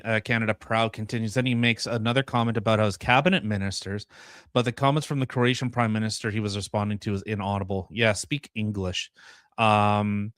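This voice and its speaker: A man co-hosts a podcast, reading news items aloud and breaking off with blunt, sarcastic remarks. His voice is bright and forceful, and it sits dry and close on the mic. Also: medium pitch, no room sound. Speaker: podcast co-host. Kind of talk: casual political commentary.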